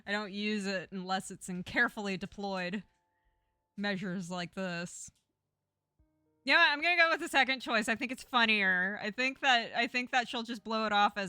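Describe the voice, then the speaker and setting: Bright-voiced woman streamer chatting. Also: medium pitch, lively intonation, a little slow, pauses often, no room sound, faint music behind. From Texas. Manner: chatty, jokey asides to viewers. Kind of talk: casual gameplay commentary, reading a story game aloud.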